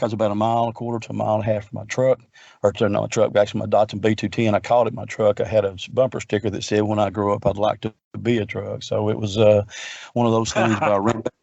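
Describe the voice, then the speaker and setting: A man's voice: on the low side, gravelly, a little mellow, no echo, muffled recording. A middle-aged man telling a long personal story in an earnest, rambling way, often repeating himself. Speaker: guest researcher. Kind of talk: casual storytelling.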